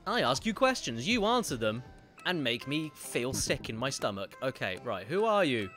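A man's voice: mid-range voice, sing-song, normal speed, a bit bright, soft background music. A man streaming a video game live, joking around, thanking viewers for donations and reacting to scenes. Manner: joking, self-deprecating, reads out donations.

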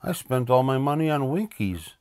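A man's voice: medium pitch, animated, moderate pace, darkish tone, no echo, clean studio sound, pitched above the performer's own voice, lightly acted. An older man voicing an anxious, always-hungry young rabbit boy who talks in a fretful, gloomy way.

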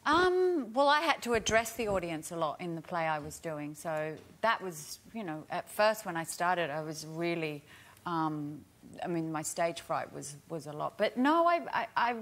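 A woman, an actress guest, speaking softly and hesitantly in talk show chat. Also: lowish voice, very animated. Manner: soft, hesitant, halting.

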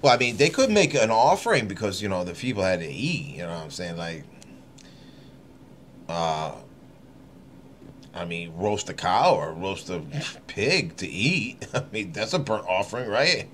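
A low-pitched man reads scripture aloud on his channel, then keeps wandering into loose, irreverent commentary. He laughs often and drifts off on tangents. A faint hiss sits under his voice. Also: very animated, measured pace, long pauses, a bit bright. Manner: rambling, laughing asides, irreverent. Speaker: channel host reading scripture. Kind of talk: casual scripture reading with running commentary.

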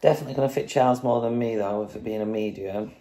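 A woman's voice: a bass voice, quick pace, noisy background. A woman casually chatting in a home vlog, breezy and swearing now and then as she shows off products. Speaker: fitness vlogger.

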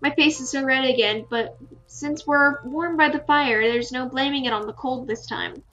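Bright, high-voiced woman reading a game. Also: moderate pace, muffled recording, a little hiss or hum. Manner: casual and chatty, sleepy at the close. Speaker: gaming video host. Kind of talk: reading a visual novel aloud.

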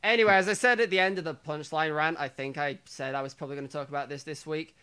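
A man's voice: fairly high pitch, fairly even intonation, quick pace, pushed and bright, clear, resonant tone. A man co-hosting a podcast in casual chat, rambling and restarting his sentences, swearing casually. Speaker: podcast co-host.

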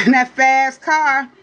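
Playful and teasing, a high-voiced woman livestreamer keeps asking her viewers "you hear me?" while reading to them in casual chat. Her tone is fairly bright though the audio is dull, and she drawls before swooping into high exclamations.

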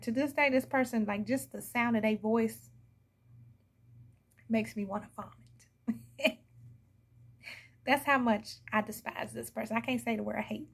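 Husky-voiced chatty woman tarot reader. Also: fairly high pitch. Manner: chatty, blunt, laughs often, addresses viewers as y'all. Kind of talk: casual tarot reading talk.

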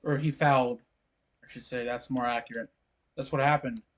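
A man casually commenting on his own soccer video game, low-key and a bit sleepy, with sudden exclamations at plays. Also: steady tone, moderate pace. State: sleepy, yawning. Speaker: gameplay commentator.

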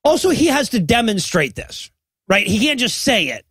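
A man co-hosting a comedy podcast, retelling a film's plot in a profane, animated way with quoted lines. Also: very high voice, moderate pace, breathy edge, dry recording. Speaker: podcast co-host. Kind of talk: comedic movie recap chat.

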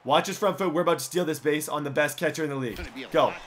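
A young man giving animated gameplay commentary for his video channel, heated and playful with loud outbursts. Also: fairly high pitch, quick pace. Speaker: gaming YouTuber.

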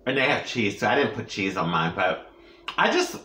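A woman's voice: very deep voice, very animated, moderate pace, fairly bright tone, a little hiss or hum. A woman chatting playfully to her viewers while eating, cracking jokes and humming over each bite. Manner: playful, joking, savoring bites with long hums. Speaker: mukbang vlogger. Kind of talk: casual eating vlog chat. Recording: roomy echo.

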